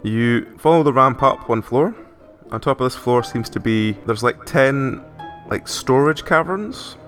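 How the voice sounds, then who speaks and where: A man's voice: mid-range voice, lively intonation, measured pace, fairly bright tone, soft background music. A man narrating a tabletop game as game master, loose and casual, dropping lots of "like" as he describes scenes.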